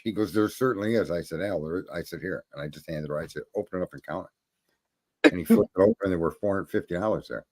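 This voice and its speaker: A man's voice: sits low, sing-song, fast talker. A man hosting a live stream, chatting and telling stories in a blunt, profane, rambling way. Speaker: stream host. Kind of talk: casual chat.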